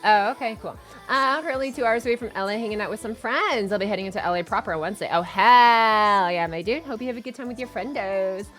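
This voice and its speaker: A young woman streaming and chatting casually with her viewers, rambling with lots of fillers and restarts and breaking into excited squeals. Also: on the high side, rapid-fire, faint music behind. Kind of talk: casual chat reading stream chat.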